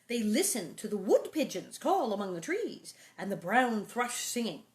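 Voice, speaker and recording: A middle-aged woman reads a children's book aloud and often breaks off to chat about it. She adds playful sound effects and now and then drops to a soft whisper. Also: a little high, big pitch swings, moderate pace, few pauses. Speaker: reader and host.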